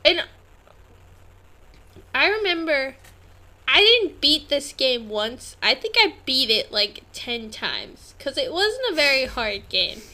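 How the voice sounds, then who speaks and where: A woman's voice: sits high, big pitch swings, takes it slowly, bright, forceful tone. A young woman co-hosting a casual gaming podcast, upbeat and giggly, full of fillers. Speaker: podcast co-host. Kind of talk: casual chat.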